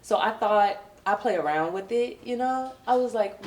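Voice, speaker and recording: A woman from Virginia with a Southern accent performing a brassy, animated stand-up comedy set. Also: moderate pace, hardly any pauses, reverberant. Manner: brassy, animated, puts on high posh voices for coworkers.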